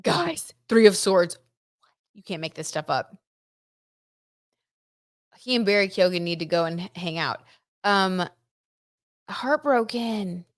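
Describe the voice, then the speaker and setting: A woman's voice: medium pitch, lively intonation, slow pace, pauses often, dry recording, studio quality. A young adult woman hosting a casual tarot gossip livestream, chatty and giggly as she talks to her viewers. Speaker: tarot reader and livestream host.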